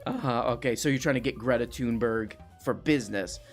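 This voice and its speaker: A man hosting a comedy call-in show as a deadpan straight man, calmly repeating back whatever his guest claims. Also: mid-range voice, fairly quick, faint music behind.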